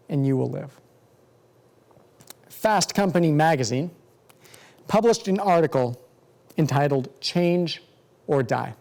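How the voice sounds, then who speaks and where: A man teaching from the Bible in a measured, earnest sermon style, slowing down to stress key words. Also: high-pitched, darkish tone. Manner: measured, earnest, slows for emphasis. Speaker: pastor.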